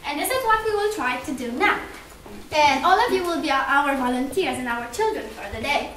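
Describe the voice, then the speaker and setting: Lady trainer giving workshop instructions, high voice, heard from far off in an echoey room. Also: lively intonation, a bit bright, a little hiss or hum. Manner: brisk, friendly, organizing a group. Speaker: volunteer trainer.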